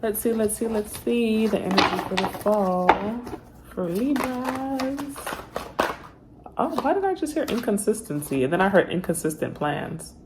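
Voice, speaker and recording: A woman's voice: medium pitch, lively intonation, measured pace, noisy background. A woman giving a casual tarot reading straight to her viewers, chatty and full of slang. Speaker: tarot reader.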